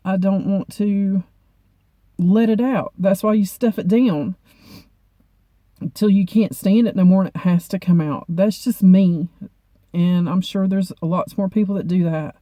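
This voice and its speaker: A woman vlogger talking to camera in a halting, heartfelt way, often repeating herself. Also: mid-range voice, mellow, no room sound. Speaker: beauty vlogger. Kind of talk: personal talk to camera.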